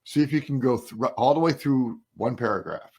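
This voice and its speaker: Gravelly, husky-voiced male host. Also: medium pitch, fairly quick, darkish tone. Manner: rambling, emphatic, trails off and restarts. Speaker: podcast host. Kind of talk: casual interview chat.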